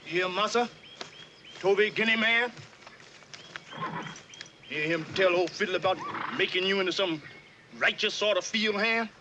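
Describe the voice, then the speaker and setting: A man's voice: high-pitched, moderate pace, pauses often, noisy background, lightly acted. An actor with a Southern accent playing an older enslaved fiddler who fawns over his master and scolds a newcomer in a drawling dialect. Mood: scolding. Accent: American Southern. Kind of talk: period film drama.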